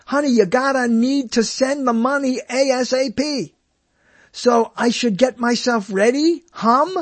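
A man's voice: very high voice, measured pace, no echo. A man putting on a pushy, wheedling woman scammer. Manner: clipped broken English, wheedling. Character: woman romance scammer in broken English, pushy.

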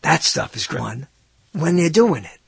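Older man, rambling monologue, wide swooping pitch, dry close sound. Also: measured pace, vocal fry, slightly rough, no echo. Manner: animated, swoops up in pitch for questions. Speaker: speaker musing to listeners.

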